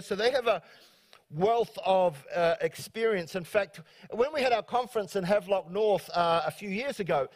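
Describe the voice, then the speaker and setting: A middle-aged male pastor preaching a sermon in a church, who stumbles and repeats words and calls out for amens from the congregation. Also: sits high. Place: church sanctuary.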